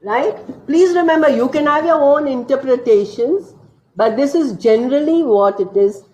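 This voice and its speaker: A woman with an Indian English accent giving an online teacher training lecture, explaining slowly, stressing key words and quizzing her listeners. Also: a little high, mellow. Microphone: computer mic on a video call. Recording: dull lo-fi video call audio.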